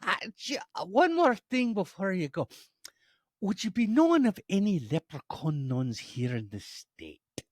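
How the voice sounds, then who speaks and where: A man's voice: high voice, big pitch swings, unhurried, no room sound, clean studio sound, pitched above the performer's own voice, heavily acted. A man doing an overly polite little leprechaun. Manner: courteous, old-fashioned phrasing. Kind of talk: joke telling.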